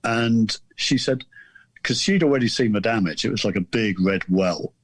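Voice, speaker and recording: A man's voice: on the low side, moderate pace, no echo. A man around sixty, a guest author telling a rambling, amused anecdote in casual chat.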